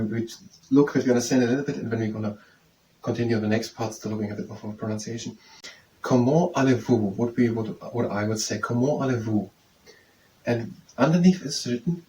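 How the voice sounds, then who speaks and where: A man working through a French phrase book aloud, halting and thinking out loud as he slowly repeats each phrase several times. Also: medium pitch. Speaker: language learner teaching himself. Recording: distant mic with faint room noise.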